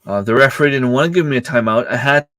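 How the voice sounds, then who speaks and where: Speaking quickly, a man with a somewhat bright voice and no echo chats casually on a livestream. A youth soccer coach, he's hesitant and full of fillers and restarts, telling stories and acting out the back-and-forth in a rising pitch.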